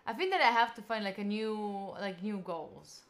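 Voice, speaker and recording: A native Italian speaker from Italy, in her twenties, hosts a casual study stream, chatting with viewers and responding to their messages between tangents. She sounds tired and yawns, but her mid-range, Italian-accented voice is expressive and moves at normal speed.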